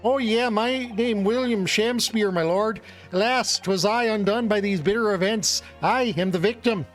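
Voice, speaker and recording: A man's voice: high voice, normal speed, faint music behind, natural voice. A man voicing a pompous, bard-like male witness who speaks in florid mock-Shakespearean phrases. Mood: theatrical.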